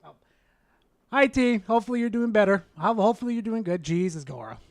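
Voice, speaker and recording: High-voiced sarcastic male streamer. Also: lively intonation, brisk, no echo, clean studio sound. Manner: sarcastic, profane, mocking. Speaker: streamer reacting to a video. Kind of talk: casual live-stream rant.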